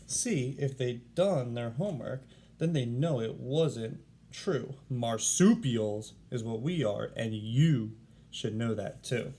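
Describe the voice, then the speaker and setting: Brief: man doing a huffy storybook koala, slightly raised pitch, gravelly edge, punchy emphasis. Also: lively intonation, slow pace, dark tone, slight background noise. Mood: lecturing. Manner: emphatic, stresses exclamations. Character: indignant male koala, fed up with being called a bear.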